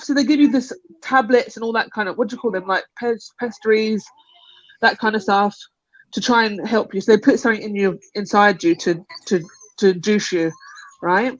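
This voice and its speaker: A young woman with a fairly high voice speaks briskly on a live panel, casually telling a long personal story. She rambles, laughs often, and acts out other people's lines. The recording is dry, with dull, lo-fi call audio.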